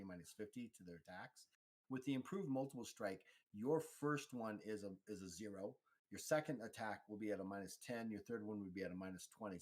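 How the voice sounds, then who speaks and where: A man running a tabletop role-playing game as game master, explaining rolls and narrating the action in a relaxed, halting way. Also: lowish voice. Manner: relaxed, halting, with frequent fillers and restarts.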